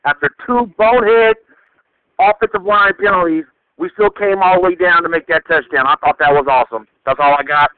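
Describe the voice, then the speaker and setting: A man calling in over a tinny phone line, his voice sitting fairly high. He talks brashly in short, punchy, profane bursts. The sound is dry and thin. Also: brisk, clean tone, no room sound. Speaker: caller. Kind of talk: phone-in call.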